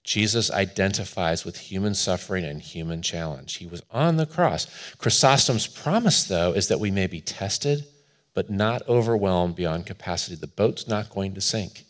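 A man preaching a sermon as pastor, telling a personal story in an earnest way, swelling louder and then dropping to a hush. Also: low-pitched, normal speed.

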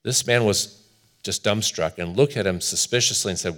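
A man's voice: lowish voice, moderate pace, fairly bright tone. A man preaching a sermon as pastor, telling a story in an earnest manner with quoted voices.

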